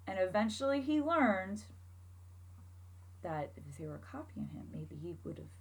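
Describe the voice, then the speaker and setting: A woman teacher reading a picture book aloud to children, expressive and asking them questions along the way. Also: medium pitch, normal speed, breathy edge, low-quality recording.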